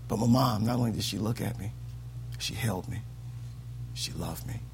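A man preaching a sermon in a church, swinging from hushed lines to loud, sing-song peaks. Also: mid-range voice, expressive, normal speed, creaky, long pauses, slight background noise.

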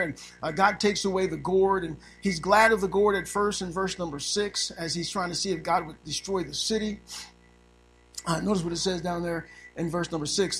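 A male preacher giving a sermon, moving between quiet storytelling and loud, rising preaching while reading scripture aloud. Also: sits high, rough recording. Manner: reads scripture in old-fashioned wording.

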